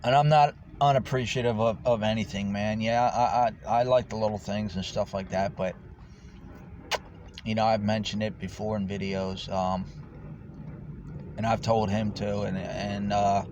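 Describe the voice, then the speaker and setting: A man's voice: fairly low pitch, steady tone, moderate pace. A man who is homeless, talking casually to the camera in a rambling, profane way about his life. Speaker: homeless vlogger. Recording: dull lo-fi with faint noise.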